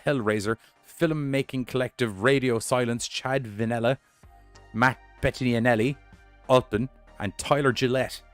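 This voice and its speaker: A man hosting a podcast, reading horror news headlines with rambling, sweary, jokey asides. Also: medium pitch.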